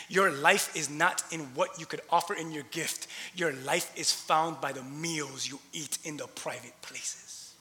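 High-voiced impassioned male preacher. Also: a little slow, slight background noise. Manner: impassioned, swings from loud preaching to hushed asides. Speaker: pastor. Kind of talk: sermon. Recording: long hall reverb.

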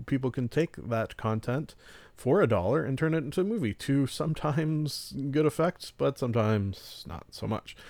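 A man with a medium-pitched, slightly mellow voice hosts a solo podcast reviewing films and shows. He's casual and rambling, often restarting and chuckling, and there's no echo.

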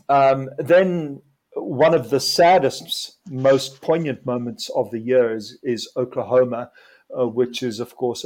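A man's voice: medium pitch, darkish tone. Man enthusiastically reviewing an album. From South Africa. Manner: enthusiastic, measured delivery with fillers. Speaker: podcast co-host. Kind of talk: casual album review chat.

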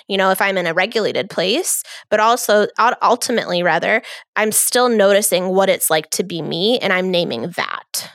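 A woman co-hosting a relationship podcast, calm and affirming, talking through her thoughts step by step. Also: mid-range voice, fairly quick, dry recording, clean studio sound. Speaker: podcast co-host. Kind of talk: casual relationship advice talk.

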